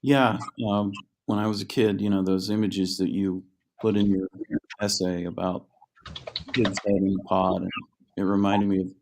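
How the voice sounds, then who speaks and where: Low, gravelly-voiced host. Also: male voice, little pitch movement, normal speed, darkish tone. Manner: easygoing, hesitant with fillers. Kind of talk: moderating a livestream Q&A.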